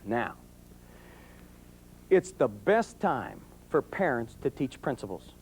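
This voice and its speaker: A middle-aged man giving a folksy, humorous talk on raising children, acting out voices as he tells stories. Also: high voice. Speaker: police sergeant giving parenting talk. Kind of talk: folksy talk to a live audience.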